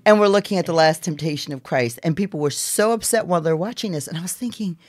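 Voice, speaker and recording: A woman from New York City, a playwright and actor, telling lively anecdotes in a podcast interview and laughing often. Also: lowish voice, fast.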